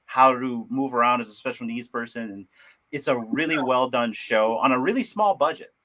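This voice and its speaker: A man hosts a relaxed livestream conversation in a bright, forceful voice. He talks in an eager, rambling way, full of fillers and restarts. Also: mid-range voice, moderate pace. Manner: rambling, enthusiastic, many fillers. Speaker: livestream host. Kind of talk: casual chat.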